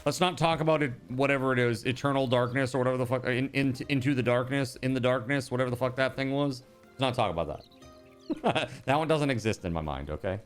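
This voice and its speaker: A man casually chatting to his viewers while he plays a game, animated and rambling, with many fillers and restarts. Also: mid-range voice. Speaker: streamer.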